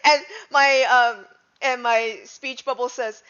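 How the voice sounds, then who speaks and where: A woman's voice: a little high, steady tone, slow pace, fairly bright tone, clean tone. A woman playing a tabletop game, describing her character's actions in detail. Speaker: player. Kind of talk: casual tabletop play. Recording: dull lo-fi audio.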